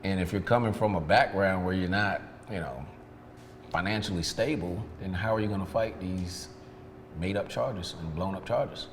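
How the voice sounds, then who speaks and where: In a sit-down interview, a detailing shop owner with a low-pitched voice tells his story candidly at a moderate pace, quoting dialogue from past events. Slight noise, long reverb, and faint ambience color the recording.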